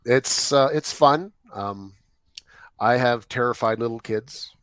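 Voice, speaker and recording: A man's voice: mid-range voice, takes it slowly, a bit bright, smooth, no room sound. A man in casual podcast chat, telling wry stories with hesitant fillers.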